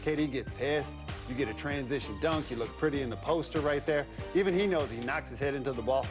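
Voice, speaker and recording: A man's voice: mid-range voice, quick pace. Male studio analyst, mid-range voice, explains film with music underneath. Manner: explanatory, conversational, a bit jokey. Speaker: basketball analyst and former player. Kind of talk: studio film breakdown commentary.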